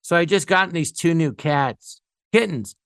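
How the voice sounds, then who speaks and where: A man's voice: on the high side, expressive, moderate pace, fairly bright tone, no room sound, studio quality. A man telling rambling, funny anecdotes as a guest, often laughing at his own stories. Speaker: guest storyteller.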